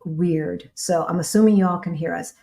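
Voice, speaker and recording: A chatty American woman co-hosts a casual livestream, her voice sitting a little low. She reads out viewer questions and answers them in a lively, conversational way. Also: normal speed. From United States. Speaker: co-host of a livestream.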